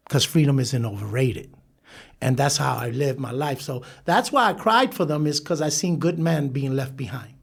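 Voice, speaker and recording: A man as a podcast guest, telling his life story in an animated way, laughing and acting out the people he quotes. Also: medium pitch, gravelly, husky. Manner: animated, laughs through stories, acts out quoted voices. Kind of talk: storytelling interview.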